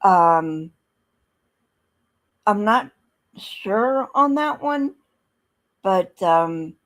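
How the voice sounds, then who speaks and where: A woman hosting a podcast, reading scripture aloud and commenting bluntly, with many ums and pauses. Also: medium pitch, expressive, a bit bright. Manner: slow, halting, many ums, blunt and sardonic. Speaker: podcast host. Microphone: streaming setup mic.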